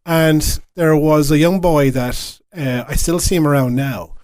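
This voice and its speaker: A man's voice: on the high side, a little slow, a little mellow, no room sound. A man at a radio station, telling an earnest story in a casual podcast chat. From Ireland. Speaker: radio station staff member. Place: radio studio.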